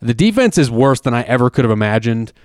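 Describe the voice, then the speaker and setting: A man chats loosely about sports, emphatic and rambling, often restarting his sentences. His voice is smooth and clear, recorded close in a dry space. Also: medium pitch, big pitch swings, quick pace, darkish tone, dry recording. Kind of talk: casual sports chat.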